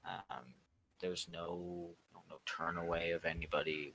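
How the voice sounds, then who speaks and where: A man hosting a roleplay server's community meeting, rambling and halting with lots of fillers. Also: deep voice, fairly even intonation, bright, forceful tone, a little hiss or hum, low-quality recording. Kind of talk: casual community meeting talk.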